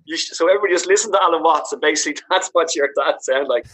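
A man's voice: on the high side, rapid-fire, a bit bright, husky. A man, a comedian chatting casually and acting out voices as he tells stories. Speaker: podcast co-host, comedian. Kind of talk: casual chat.

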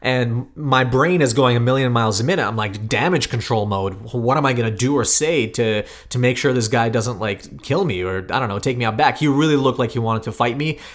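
A man in his thirties, a podcast co-host, telling a story in a lively, self-deprecating way. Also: medium pitch, brisk, hardly any pauses. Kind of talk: casual storytelling chat.

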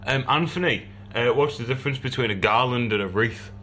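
A man's voice: mid-range voice, a little fast, bright, forceful tone, a little hiss or hum. A man co-hosting a podcast, chatting cheekily, laughing and swearing casually. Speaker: podcast co-host. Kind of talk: casual chat.

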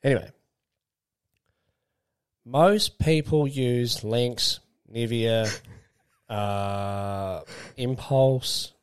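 A man's voice: medium pitch, extremely slow, long pauses, clean tone. A man, co-hosting a podcast and telling a crude, rambling story in casual chat. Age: late 20s. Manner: crude, rambling, laughs while telling stories. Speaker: podcast co-host.

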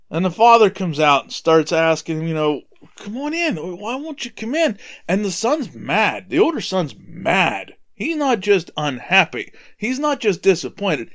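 A man's voice: a little high, a bit bright. A man hosting a podcast, retelling a Bible story in a casual, conversational way with asides.

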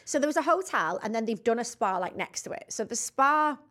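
A woman's voice: fairly high pitch, expressive, fairly quick, fairly bright tone. A woman co-hosting a podcast, telling stories in a chatty, cheeky way and often giggling. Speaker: podcast co-host. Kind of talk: casual chat.

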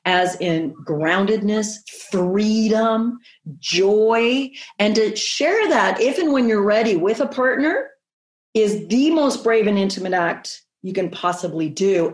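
A woman sex therapist speaking frankly in an interview, expressive and emphatic, with vivid asides. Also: medium pitch, roomy sound. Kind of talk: candid conversational interview talk.

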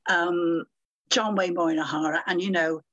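Husky, theatrical older woman. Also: on the low side, steady tone, a little slow, a bit bright, muffled recording. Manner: theatrical, calls people dear and my love. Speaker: guest. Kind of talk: chatty interview anecdotes.

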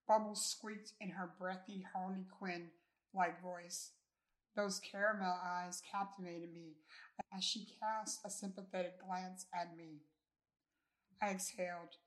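A woman's voice: medium pitch, steady tone, a little slow. Woman reading her own novel aloud. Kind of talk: audiobook-style first-person reading.

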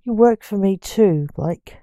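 A curt, overbearing male boss who snaps out his orders, as a woman reads him. The tone is mellow and the pace is slow, in a storybook reading. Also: medium pitch, expressive, dry recording, clean studio sound, natural voice. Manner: snappish, commanding.

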